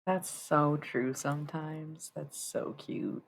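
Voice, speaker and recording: Low-voiced woman in her 30s doing a chill tarot stream, swears a lot, faint hiss behind. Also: steady tone, slow pace, vocal fry. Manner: loose, profane and chatty. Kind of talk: casual livestream chat.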